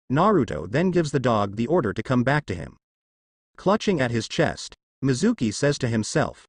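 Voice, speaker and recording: A man narrating a fan fiction tale with dramatic storytelling. His pitch moves in lively swings. The recording is close and dry. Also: moderate pace, no room sound.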